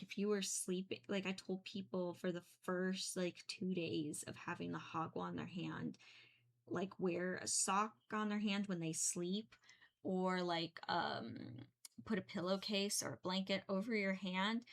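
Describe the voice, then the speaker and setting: A woman's voice: fairly low pitch, steady tone, unhurried. A young woman chatting casually while she paints, rambling with many fillers and small giggles. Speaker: painting streamer.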